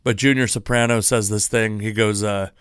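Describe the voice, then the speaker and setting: A man's voice: fairly low pitch, fairly even intonation, normal speed, a bit bright, clean tone, dry recording, clean studio sound. A man in his thirties hosting a casual solo podcast, rambling with lots of restarts and self-deprecating asides. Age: 30s. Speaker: podcast host.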